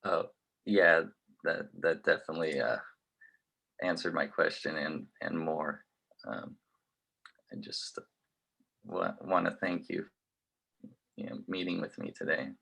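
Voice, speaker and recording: A man's voice: low-pitched, steady tone, measured pace, gravelly, pauses often, bright, forceful tone, husky. A young male college student thanking his interviewee, hesitant and full of fillers. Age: young adult. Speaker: college student asking questions. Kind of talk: casual conversation.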